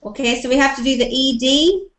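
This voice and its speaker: A woman's voice: sits high, fairly quick, fairly bright tone. A woman teaching English in an online class over a video call, encouraging and repeating her praise often.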